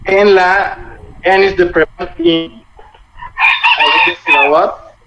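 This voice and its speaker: A man with a Latin American Spanish accent, teaching a language class online, explaining grammar slowly and patiently in simple English. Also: high-pitched, very animated, sharp tone. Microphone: video call. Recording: muffled video-call audio with faint noise.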